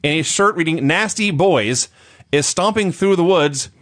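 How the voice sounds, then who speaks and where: A man's voice: on the high side, lively intonation, unhurried, fairly bright tone. Dry, sarcastic male recapper. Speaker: podcast co-host. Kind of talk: casual chat, recapping matches.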